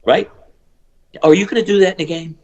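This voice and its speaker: A middle-aged man, a shooting coach, telling stories in an animated interview and acting out the people he quotes. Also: high-pitched, muffled recording. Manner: acts out quoted voices, fast bursts and emphatic repeats.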